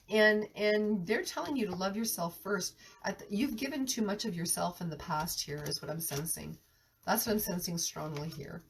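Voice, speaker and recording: A woman's voice: mid-range voice, husky, far from the mic. A woman with a cold giving an earnest live tarot reading, often restarting her sentences as she talks about what she senses. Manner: earnest, restarts often, speaks of sensing energies. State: has a cold, coughing. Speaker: tarot reader.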